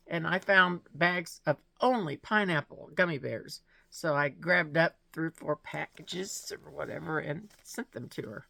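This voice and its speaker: A slow-talking woman with a gravelly, low-set voice chats to camera in a casual vlog. She gushes over what she opens, laughing often and talking straight to her viewers. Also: bright, forceful tone, no room sound. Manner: gushing, chatty, laughs often. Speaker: vlogger showing mail and gifts.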